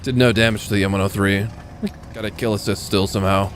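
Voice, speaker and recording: A young male gaming streamer with a General American accent gives live commentary while playing a tank game, joking and swearing casually. His voice is lowish and fairly even in intonation, and he talks fast. There's slight background noise.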